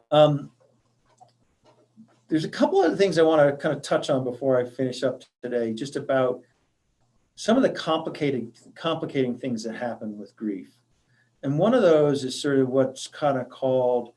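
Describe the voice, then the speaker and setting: A man who works as a hospice grief counselor, giving a library talk in a thoughtful, halting way with many fillers and restarts. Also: mid-range voice, a little mellow.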